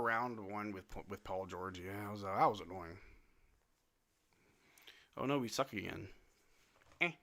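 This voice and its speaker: A man with a bright, forceful tone hosts a live watch-along stream late at night. He calls the plays in a blunt, casual way, slipping into flat dismay and then shouting out. The close mic keeps his voice dry. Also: medium pitch, gravelly, no echo. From New Zealand. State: yawning, sleepy late at night. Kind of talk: casual play-by-play and chat.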